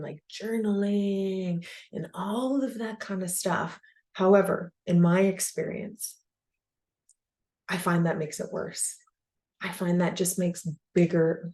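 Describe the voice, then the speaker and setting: A woman hosting a self-help podcast, talking casually and animatedly, leaning heavily on "like" as she explains her ideas. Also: on the low side. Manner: animated and conversational, heavy use of "like". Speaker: podcast host.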